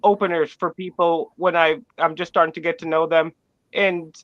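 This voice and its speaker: A man's voice: fairly high pitch, flat delivery, normal speed, no room sound, lo-fi sound. A man co-hosting a casual panel discussion, joking and acting out little mock dialogues as he talks. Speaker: podcast co-host.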